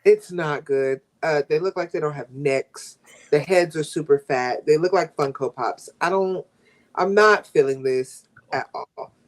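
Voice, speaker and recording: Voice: medium pitch, measured pace. A podcast co-host in casual wrestling chat, sassy with joking asides.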